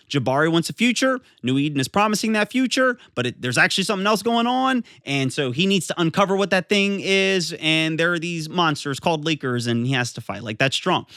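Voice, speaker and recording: A man's voice: fairly high pitch, fairly bright tone, dry recording, studio quality. A man giving a casual, enthusiastic video review of a manga, rambling with lots of fillers and restarts.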